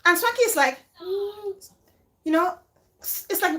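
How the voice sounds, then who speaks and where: A woman hosting a casual, animated reaction chat about a reality show, acting out other people's words. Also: very high-pitched, a little slow, pauses often, poor audio. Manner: animated, dramatic, quotes others in mock voices.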